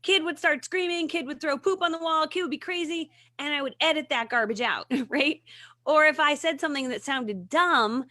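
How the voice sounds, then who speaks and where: A woman in her thirties, a guest on a morning talk show, chatting casually and telling animated stories, laughing often. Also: high voice, normal speed, dry recording, clean studio sound. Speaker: guest, video marketing coach. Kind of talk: casual chat.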